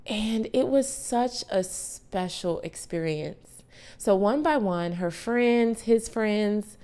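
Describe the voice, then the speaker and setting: A woman around thirty, a podcast host, tells a personal story in a chatty, animated way with asides to her listeners. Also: mid-range voice, slow pace, smooth. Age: late 20s to early 30s.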